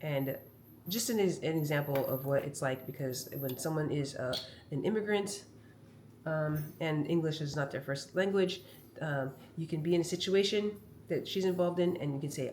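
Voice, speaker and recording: Woman, deep voice, chatty storyteller, home vlog, faint background hiss. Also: unhurried. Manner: chatty, rambling, animated storytelling. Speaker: comedian vlogger. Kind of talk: casual vlog monologue. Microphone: phone camera.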